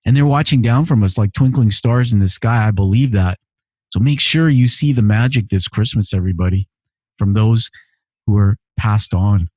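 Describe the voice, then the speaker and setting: At a moderate pace and in a lowish, darkish voice, an immigrant to Canada hosts a podcast from his home living-room studio. He reads listener messages with earnest feeling, often repeating phrases, and there's no room sound.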